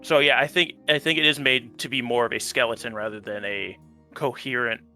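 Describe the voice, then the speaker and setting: A man who played in a tabletop game, talking it over in a relaxed, rambling way with many ums. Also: mid-range voice, fairly quick, soft background music. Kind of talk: casual post-series chat.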